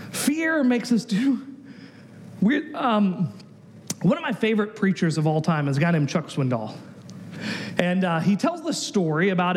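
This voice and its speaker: A man preaching a sermon as pastor, an animated storyteller who acts out the voices he quotes. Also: high voice, in a large hall, slight background noise.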